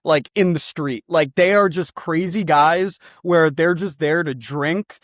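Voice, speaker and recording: A young man co-hosting a comedy show, pitching a football club in a rambling, excitable way and swearing freely. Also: unhurried, no room sound, studio quality.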